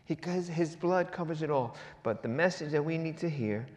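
Male preacher, slightly high voice, punchy rhetorical questions, big echoing sanctuary. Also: moderate pace. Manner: swings between loud and hushed delivery. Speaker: pastor. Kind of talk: sermon. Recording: long reverb of a large hall.

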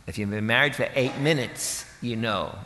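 Guy preaching, chatty and jokey, bright forceful voice, echo from a big church hall. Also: medium pitch, normal speed, a little hiss or hum. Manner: conversational, jokey, acts out voices of people in the story. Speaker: pastor. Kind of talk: sermon.

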